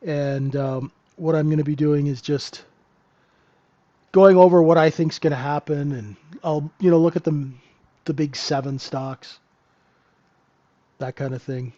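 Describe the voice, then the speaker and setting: A man's voice: fairly high pitch, fairly even intonation, unhurried, long pauses, dark tone, lo-fi sound. A man hosting a live trading room, giving casual, joking market commentary and answering viewers by name. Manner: chatty, joking, talks to chat viewers by name.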